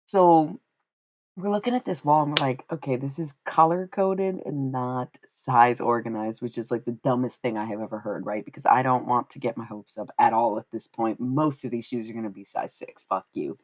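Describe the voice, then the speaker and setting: Low-voiced lady streamer rambling through a funny story, laughing and cussing, dry close mic. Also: moderate pace, no room sound. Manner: animated, laughing, swearing, acts out quotes in high voices. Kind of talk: casual storytelling chat.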